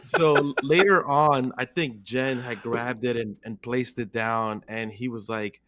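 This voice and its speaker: Bright-voiced man telling a funny story. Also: mid-range voice, steady tone, unhurried, no room sound, studio quality. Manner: laughing storyteller. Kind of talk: casual chat.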